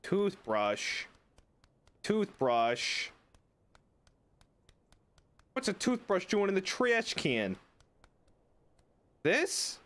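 A young man streaming a game, chatting excitedly and joking with his chat. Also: sits high, extremely slow, long pauses. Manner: excitable, jokey, talks to chat. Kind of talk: casual gameplay commentary.

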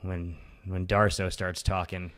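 A man with a low voice co-hosts a casual podcast. He riffs loosely and tosses in joking, mock-outraged asides. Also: little pitch movement, a little slow, a bit bright. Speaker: podcast co-host. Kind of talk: casual chat.

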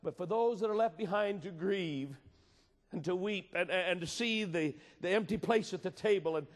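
A man preaching a sermon with passion, moving between loud appeals and hushed storytelling. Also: sits high, moderate pace. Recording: reverberant hall.

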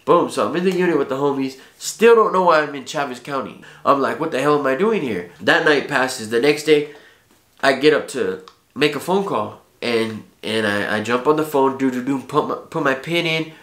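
Guy telling a heavy story time, heartfelt, lots of slang and swearing, mid pitch, echoey room. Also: normal speed, fairly bright tone. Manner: heartfelt, profane street slang. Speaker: vlogger. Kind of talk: casual storytelling.

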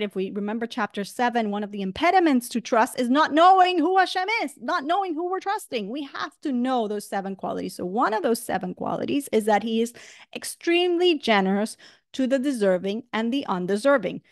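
A woman teaching a religious class, lively and chatty, often checking in with "right?". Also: on the high side, fairly quick, no echo, clean studio sound. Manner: animated, many rhetorical "right?" asides. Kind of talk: religious lesson.

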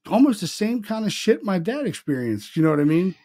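A middle-aged man tells stories in a loose, rambling podcast chat. His voice sits somewhat high for a man. He swears casually and drops "man" and "dude" into his sentences. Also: big pitch swings, brisk, dark tone. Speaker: podcast host.

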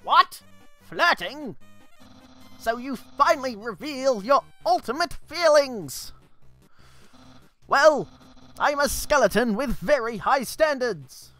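A man voicing a loud, goofy, boastful young skeleton in a video game, making big self-important proclamations. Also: extremely high pitch, lively intonation, takes it slowly, pauses often, soft background music, pitched above the performer's own voice, full character voice. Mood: flustered. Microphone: headset.

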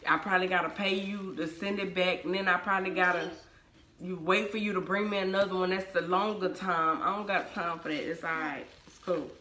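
A woman's voice: on the low side, steady tone, a little fast, pushed and bright, roomy sound, slight background noise. A woman vlogging casually to camera, chatting in a sassy, emphatic way about a product she bought. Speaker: vlogger reviewing a wig-making canvas head.

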